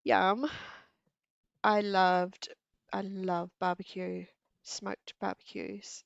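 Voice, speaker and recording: A woman's voice: mid-range voice, little pitch movement, very slow, vocal fry, dry recording, lo-fi sound. A woman with a New Zealand accent hosting a craft livestream, chatting casually and giggling with her viewers. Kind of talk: casual live-stream chat. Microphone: earpiece and mic at desk.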